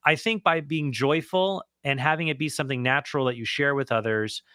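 A man's voice: mid-range voice, brisk, bright, forceful tone, no room sound, clean studio sound. A man answering callers on a Catholic radio call-in show, earnest and thinking aloud with frequent restarts. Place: radio studio.

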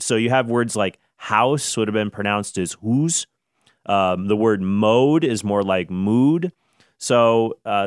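A man talks through history facts in loose, rambling commentary, cracking jokes and restarting sentences. His voice sits on the low side and sounds smooth and resonant. It is recorded close and dry, with no room sound at all. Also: dry recording. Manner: rambling, self-correcting, jokey. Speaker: host. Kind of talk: casual explanatory commentary.

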